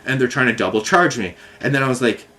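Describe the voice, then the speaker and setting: A man's voice: mid-range voice, fast, sharp tone. A man telling a long complaint story in a casual monologue, rambling and frustrated, with many fillers and restarts. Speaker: vlogger.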